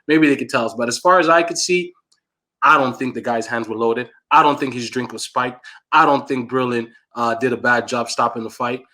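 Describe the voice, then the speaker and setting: A man's voice: medium pitch, brisk, sharp tone. A man co-hosting a casual combat-sports podcast, explaining things in a conversational way with plenty of fillers. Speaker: co-host.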